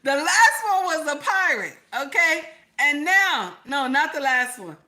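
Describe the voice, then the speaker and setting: A woman reacting live to a clip and reading her chat aloud, loud and laughing, repeating her questions over and over. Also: high voice, big pitch swings, a little slow.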